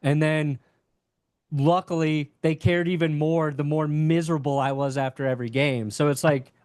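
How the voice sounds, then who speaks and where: A man's voice: a little high, fairly even intonation, moderate pace, a little mellow, clean tone, no echo, studio quality. A young man chatting casually as a podcast guest, candid and rambling, with casual swearing. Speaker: podcast guest, sports YouTuber.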